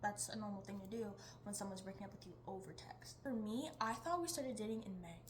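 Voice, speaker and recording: A teen girl vlogs in a mid-range voice at a quick pace, with slight noise behind her. Her talk is chatty and rambling, skipping between topics with plenty of laughter.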